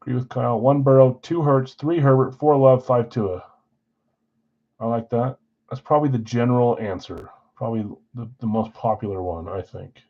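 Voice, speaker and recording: A man's voice: mid-range voice, lo-fi sound. Man calling team picks on a livestream. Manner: rapid roll-call of names and teams, friendly apologies. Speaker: live card break host. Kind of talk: casual livestream chat reading team picks.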